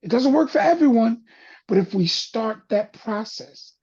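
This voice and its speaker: A man hosting a panel talk, speaking with an impassioned, preacher-like cadence that drops low and soft for emphasis. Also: animated, measured pace, breathy edge, dull audio. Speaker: panel host. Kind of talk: impassioned talk-show monologue.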